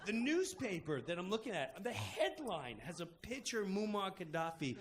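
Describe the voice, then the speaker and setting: A man in a relaxed chat tells funny stories with a lively, swooping voice. His pitch sits a touch high and he laughs as he goes, with a faint hum of ambience behind him. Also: moderate pace. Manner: animated, laughs into his lines. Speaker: storyteller. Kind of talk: casual comic storytelling.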